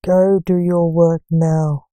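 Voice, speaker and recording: A woman's voice: lowish voice, flat delivery, slow, mellow, smooth, dry recording. A woman voicing a bossy male boss of magicians who snaps and orders curtly. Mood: stern. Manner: curt, commanding.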